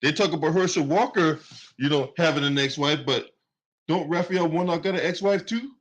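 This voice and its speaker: Male commentary host, AAVE speech, heated profane rant, slightly higher-pitched voice. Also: moderate pace. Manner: heated, profane, repetitive ranting. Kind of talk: angry political commentary.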